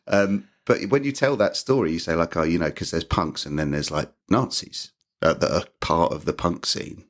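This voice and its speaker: A middle-aged man from England, a punk musician chatting as a podcast guest, who acts out the people in his stories and laughs often. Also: normal speed. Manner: animated storyteller, acts out quotes in high voices, laughs often. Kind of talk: casual chat.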